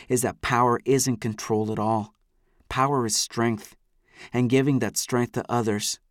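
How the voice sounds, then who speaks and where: A man narrating a first-person novel in a steady, measured way. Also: mid-range voice, no room sound, clean studio sound. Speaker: audiobook narrator.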